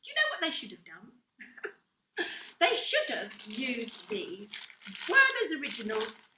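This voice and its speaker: A woman's voice: a little high, wildly swooping pitch, a little slow, noisy background. An older woman acting in an amateur stage play, playing a chatty woman who rambles through old memories and laughs at her own asides. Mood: reminiscing. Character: chatty older woman reminiscing on a park bench. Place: theatre stage. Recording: roomy hall sound from a distant mic.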